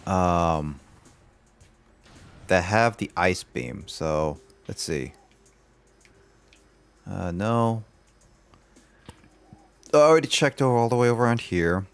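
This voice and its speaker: A young man streams a game with a smooth, lowish voice, rambling through his play. His casual commentary drifts into a long story full of fillers and restarts.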